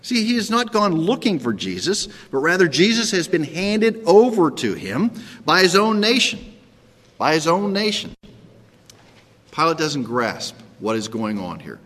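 A man with a fairly high voice preaches a sermon, talking it through conversationally and checking in with his listeners. His voice rings with the long reverb of a large church hall. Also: very animated, measured pace, fairly bright tone. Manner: acts out Pilate's sarcastic lines in a higher voice. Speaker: pastor.

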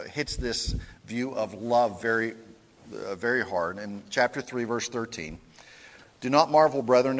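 A man's voice: on the low side, fairly bright tone. A male pastor preaching an earnest sermon, teaching with restarts and fillers in a church sanctuary. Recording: long hall reverb.

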